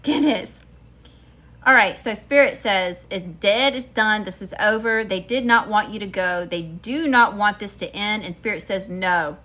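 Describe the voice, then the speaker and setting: A woman's voice: mid-range voice, a little slow, bright, forceful tone. A woman from Mississippi with a Southern accent, giving a chatty, emphatic tarot reading to her viewers. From Mississippi, USA. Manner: chatty, emphatic, slangy with frequent "y'all" and "okay?". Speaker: tarot reader.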